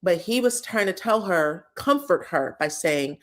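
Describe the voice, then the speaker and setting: A woman in casual chat, recapping reality-show scenes for viewers with animated, emotional delivery and free swearing. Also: on the low side, unhurried. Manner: retells scenes in others' voices.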